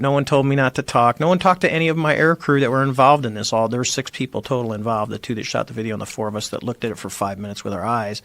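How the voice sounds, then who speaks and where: In a podcast studio with no echo, a former Navy squadron commander in middle age speaks in a mid-range, fairly bright voice with vocal fry. He's a guest in a casual storytelling interview, acting out the voices he quotes as he recounts his story.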